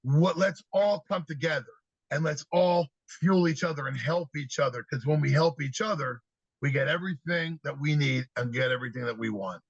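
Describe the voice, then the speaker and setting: A man with a fairly high, husky voice tells stories on a podcast, acting out the children he talks to. The sound is dry and a little dull, like a simple podcast setup. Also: moderate pace, no echo. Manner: animated storyteller, acts out kids' answers. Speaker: podcast guest, youth speaker. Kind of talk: storytelling interview talk.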